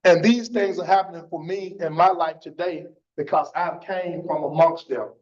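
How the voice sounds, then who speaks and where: A man's voice: fairly high pitch, normal speed, a little mellow. A man giving an impassioned church testimony, repeating phrases and tagging lines with "man". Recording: dull lo-fi church stream.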